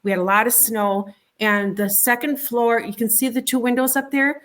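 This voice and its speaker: In a slightly high, somewhat bright voice with a steady tone, a middle-aged woman shares a personal experience as an interview guest. Her storytelling is conversational and halting, full of repeated words and restarted sentences.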